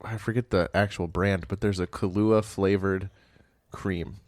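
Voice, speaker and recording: Tired podcast co-host, lively storyteller with a low voice, dry close mic, laughs a lot. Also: male voice, a little slow, dry recording. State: tired after a night shift. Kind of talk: casual chat.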